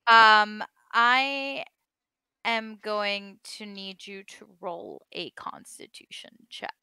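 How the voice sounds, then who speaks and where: A woman running a tabletop game as game master, narrating with many pauses and small laughs. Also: mid-range voice, sharp tone, clear, resonant tone, no echo.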